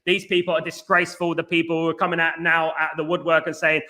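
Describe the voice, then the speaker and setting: Guy on a football fan livestream, high bright voice, rattling off chat shoutouts nonstop. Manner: rapid, animated, reads out chat messages with banter. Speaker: fan channel host reading live chat. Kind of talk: fast casual live-stream chat.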